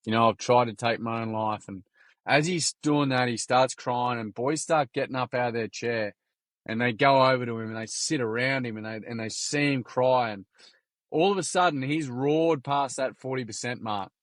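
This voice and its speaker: An Australian man, a podcast guest, chatting casually as an animated storyteller with plenty of slang, swearing and restarts. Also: mid-range voice, normal speed, no echo. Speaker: podcast guest, youth workshop founder. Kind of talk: casual interview chat.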